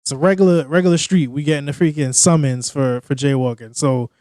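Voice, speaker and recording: Chuckling New podcast co-host. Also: male voice, fairly high pitch, steady tone, fairly quick, darkish tone, smooth, no echo. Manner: laid-back, chuckling, slangy. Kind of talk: casual comedic storytelling.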